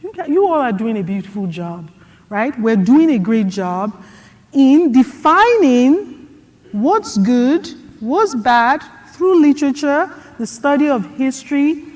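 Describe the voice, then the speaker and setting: A middle-aged woman speaks at a conference Q&A, telling stories with earnest conviction. Her voice sits a little high and she takes her time. A long hall reverb trails behind her words. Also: slow pace. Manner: earnest, storytelling with lively quoted asides. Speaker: guest speaker. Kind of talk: conference Q&A answer.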